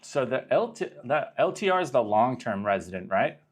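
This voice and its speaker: A man's voice: mid-range voice, big pitch swings, normal speed, husky. A young man from Arizona talks loosely through a livestream Q and A, trailing off mid-thought and dropping curses as he goes. His voice sits in an ordinary middle range. He keeps it casual and conversational. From Arizona, USA. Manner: rambling, profane, self-interrupting. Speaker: livestream host.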